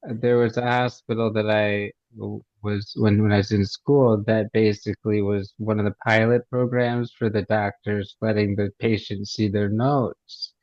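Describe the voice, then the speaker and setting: A man's voice: fairly low pitch, level tone, unhurried, hardly any pauses, a little mellow, dry recording, dull audio. A man who is a student in a class, sharing an example in discussion and thinking aloud with many restarts.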